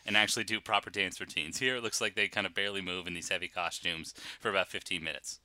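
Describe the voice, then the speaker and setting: A man co-hosting a casual podcast who teases his partner with dry sarcasm. His voice sits a little low but sounds very bright and forceful. The sound is dry and close. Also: steady tone, fast talker, no echo. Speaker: podcast co-host. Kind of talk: casual chat.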